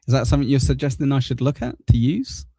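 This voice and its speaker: A man's voice: medium pitch, steady tone, quick pace, creaky, dark tone, breathy edge, dry recording, clean studio sound. A man hosting a live stream, reacting sarcastically to a clip and swearing freely. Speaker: streamer host reacting to a video. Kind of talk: casual live-stream commentary.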